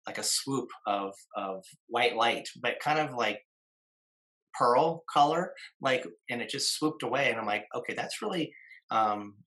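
A man's voice: mid-range voice, a little slow, sharp tone, rough recording. A man in his fifties, a guest in conversation, telling a long story with many fillers and restarts and acting out the voices of people he quotes.

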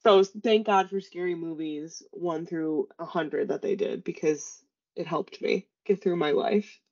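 A woman's voice: on the low side, measured pace. A young woman co-hosting a podcast in casual chat, telling stories animatedly with lots of fillers. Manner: chatty, animated storytelling with many fillers. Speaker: podcast co-host. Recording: slightly dull lo-fi podcast audio.

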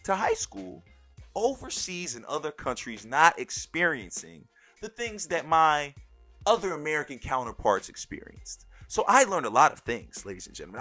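A young adult man hosting a podcast, telling stories in an animated way and often calling out "ladies and gentlemen". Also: a little high. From born in Turkey, raised overseas in a military family. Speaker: podcast host. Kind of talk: solo podcast monologue.

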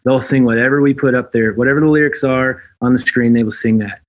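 Earnest, animated male worship leader. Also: medium pitch, quick pace. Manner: earnest, animated, repeats phrases. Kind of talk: casual interview chat.

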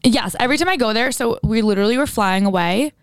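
A young woman with a slightly high, smooth voice tells stories in a casual podcast chat, peppering every phrase with "like" and "literally." She sounds lively and chatty. The recording is dry and close, with no room sound. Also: fast, no echo. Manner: chatty, lots of "like" and "literally", animated storytelling. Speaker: podcast co-host.

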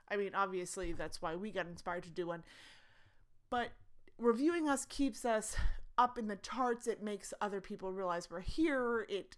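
A woman's voice: medium pitch, fairly bright tone. Chatty woman hosting a tabletop podcast. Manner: chatty and rambling, with many fillers and restarts; eager, pleading with listeners for support. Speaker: podcast host and game master. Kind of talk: casual podcast announcements.

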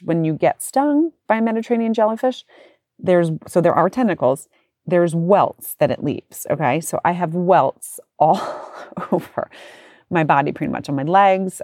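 A woman in her forties telling a personal story in casual, animated talk, acting out other people's voices. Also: on the low side, no room sound, studio quality.

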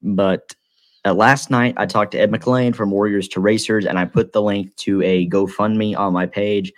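A man's voice: on the low side, fairly even intonation, moderate pace, no room sound. A young man hosting a podcast, chatting casually in a joking, rambling way. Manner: joking, rambling, self-deprecating. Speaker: podcast host. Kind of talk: casual chat.

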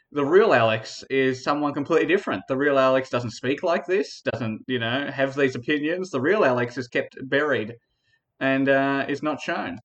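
A man's voice: mid-range voice, a bit bright. A man giving a teasing, theatrical comedic debate speech.

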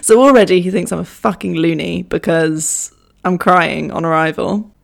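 A woman's voice: lowish voice, moderate pace, gravelly. A young woman telling a funny personal story in a chatty, self-mocking way, swearing freely. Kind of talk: casual anecdote.

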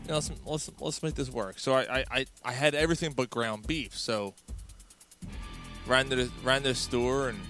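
Swearing podcast host telling a story. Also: male voice, medium pitch, normal speed, soft background music. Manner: profane, animated storytelling.

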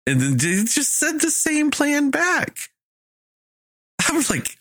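A man's voice: high-pitched, huge pitch swings, takes it slowly, a bit bright, no room sound, clean studio sound. A man in casual chat, ranting in an exasperated way, swearing and acting out lines of dialogue. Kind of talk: casual movie review chat.

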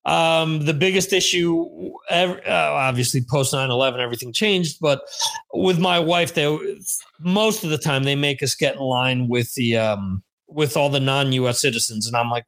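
Rambling, high-voiced American man chatting. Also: normal speed, a bit bright. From United States. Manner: rambling, self-deprecating, jokey. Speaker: podcast host. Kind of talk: casual chat on a live stream.

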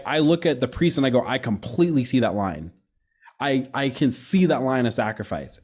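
An animated young man hosting a relaxed talk show. He jumps into quick asides, corrects himself mid-sentence and keeps a lively, conversational flow in a middle-pitched voice. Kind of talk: casual conversation on faith.

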